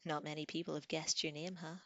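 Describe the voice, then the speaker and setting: A woman's voice: low-pitched, level tone, a little fast, dry recording, dull audio. A woman voicing a playful, confident young woman who talks in a coaxing, teasing way, as in an audiobook reading.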